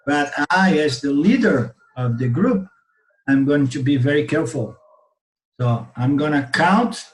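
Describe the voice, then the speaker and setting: A man's voice: on the high side, expressive, unhurried, distant mic. A man with a Brazilian Portuguese accent voicing a worried, tearful pilgrim leader in a spoken parable, talking in a pleading way. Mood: earnest. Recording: roomy webinar audio.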